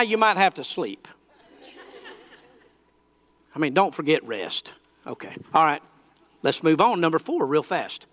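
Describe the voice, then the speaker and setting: A man's voice: on the high side, very animated, measured pace, pauses often, a bit bright. A man preaching a sermon, telling a personal story that builds into fervent declarations.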